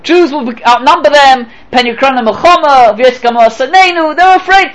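A man teaching a Torah lesson in an animated way. He throws out rhetorical questions and acts out short exchanges, his voice swinging from low to high. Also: brisk, hardly any pauses, poor audio. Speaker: rabbi. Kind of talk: Torah lecture.

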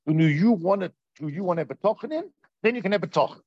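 Fast and high-pitched, a man gives a spirited Torah class, voicing the people he quotes and questioning those listening. The dull lo-fi recording carries no room sound.

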